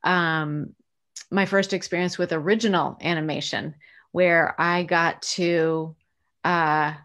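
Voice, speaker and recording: In a relaxed interview, a middle-aged American voice actress with a slightly low voice walks through her career. Chatty and reflective, she pauses on "um" and "uh" and restarts sentences while thinking.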